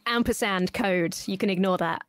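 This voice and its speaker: A woman's voice: medium pitch, moderate pace, a little hiss or hum. A British woman co-hosting a call-in show, chatting casually and laughing often. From Britain. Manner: lively and laughing. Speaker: guest co-host.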